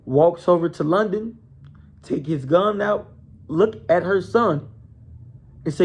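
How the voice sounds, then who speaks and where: A man's voice: fairly high pitch, slow, a little mellow. A man telling a story in a casual, conversational way, checking in with his listeners as he goes.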